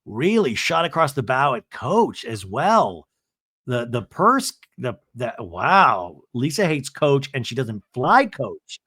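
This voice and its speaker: A man's voice: mid-range voice, very animated, slow pace, pushed and bright, husky, dry recording. A man hosting a podcast, recapping a reality show in a chatty, wry way on a close mic. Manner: chatty, wry, drops into playful voices. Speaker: podcast host. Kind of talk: casual recap commentary.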